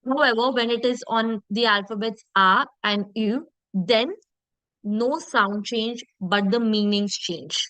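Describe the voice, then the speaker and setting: A woman teaching French pronunciation in an online lesson, repeating sounds slowly and checking in with her class. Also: on the high side, fairly bright tone, no room sound, rough recording.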